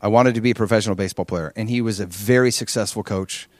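A man from Hawaii preaching, telling his own testimony with animated storytelling and frequent rhetorical questions. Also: on the low side, fast talker, no room sound, clean studio sound. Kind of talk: testimony sermon.

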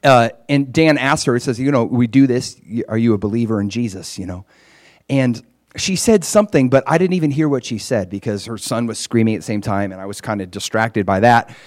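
A man casually recounting a ministry trip, growing animated and loud as the story builds. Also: brisk. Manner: animated, gets loud and high when excited; frequent fillers and restarts. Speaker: traveling minister.

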